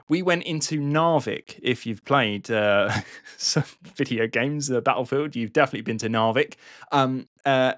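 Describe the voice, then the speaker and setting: A man's voice: medium pitch, a bit bright, dry recording. A man tells a history story on a podcast in a loose, chatty way, dropping swear words and checking in with "right?". His voice sits in the middle of his range and sounds dry, with no room around it. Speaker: podcast host.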